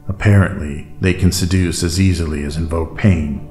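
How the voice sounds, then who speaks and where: Man voicing a firm, low-voiced squad captain. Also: fairly even intonation, moderate pace, darkish tone, lightly acted. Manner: firm, decisive. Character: steady, commanding male squad captain. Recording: roomy echo, faint music bed.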